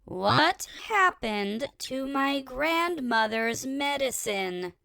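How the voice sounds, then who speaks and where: In this audiobook character performance, a whiny, spoiled young princess squeals at a very high pitch with a gravelly, crackling edge, dragging out her complaints slowly in a shrill, indignant way. She sounds stunned, and the exaggerated delivery is animated, bright and forceful. The recording is dry and close, with no room sound at all.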